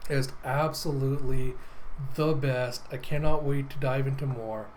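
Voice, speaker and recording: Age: adult. Role: excitable comic readthrough host. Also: male voice, mid-range voice, unhurried, slight background noise, low-quality recording. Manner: excitable, enthusiastic, laughs often. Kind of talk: casual comic readthrough commentary.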